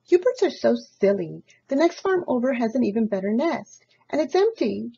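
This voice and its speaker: A woman's voice: on the high side, sing-song, normal speed, creaky, dark tone, husky, highs cut off, heavily acted. A woman voicing a scheming male cat who talks in a sly, coaxing way.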